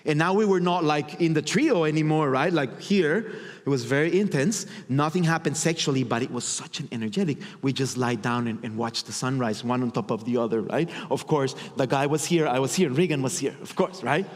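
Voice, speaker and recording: Animated male speaker in a reverberant hall. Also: medium pitch, a little fast. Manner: animated, acts out his inner voices. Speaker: motivational speaker. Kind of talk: storytelling stage talk.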